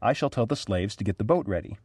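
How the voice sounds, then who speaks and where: A man voicing a calm, reassuring father in a storybook reading, measured and unhurried. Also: lowish voice, breathy edge, no echo, studio quality.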